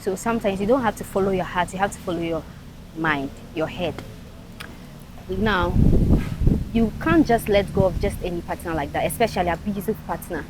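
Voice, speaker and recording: A woman's voice: on the low side, moderate pace, very noisy. A woman with a Ghanaian English accent speaking frankly and emphatically as a panelist on a casual talk show. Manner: frank, emphatic, mixes in local phrases.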